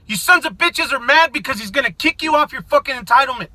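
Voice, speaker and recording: Speaking fast and animatedly, a middle-aged US man rages at his viewers in a political rant to camera, cursing, confrontational and often shouting. The voice sits unusually high with a sharp, bright edge, and the sound is dry with no room echo.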